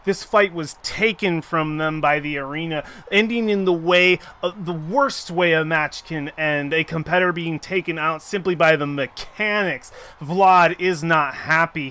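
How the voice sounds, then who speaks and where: A man narrating as game master of a tabletop game, with steady, deliberate narration. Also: fairly high pitch.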